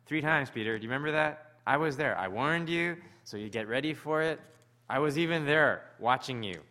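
Preacher as a lecturing, disappointed male teacher, bright and pointed. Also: medium pitch, lively intonation, fairly quick. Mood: reproachful. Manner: reproachful, lecturing. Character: a scolding, reproachful grown male teacher.

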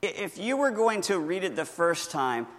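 A man teaching how to read the Bible devotionally, earnest and encouraging, often slowing down to stress key words. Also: sits high, big pitch swings, fairly bright tone, long reverb tail. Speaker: pastor teaching Bible reading. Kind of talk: teaching talk from a handout.

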